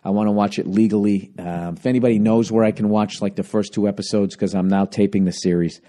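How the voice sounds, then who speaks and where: A man, a stand-up comedian, talking alone into a handheld recorder for his podcast. He swears constantly, rants in a lively way, and his voice is still cracking. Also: fairly low pitch, fast talker. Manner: profane, ranting, animated. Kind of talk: solo podcast monologue.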